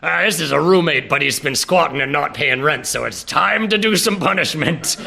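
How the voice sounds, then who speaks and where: A man's voice: a little high, lively intonation, normal speed, creaky, sharp tone. A man hosting a comedy podcast, narrating a scene playfully and theatrically while laughing often. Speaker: podcast host. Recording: podcast recorded live.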